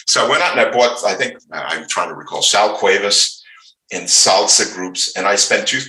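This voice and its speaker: An outspoken older man rambles through stories, restarting his sentences as he goes. His low voice is bright and forceful. The sound carries a roomy echo. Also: animated, normal speed. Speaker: interview guest, bass player. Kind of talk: casual interview storytelling.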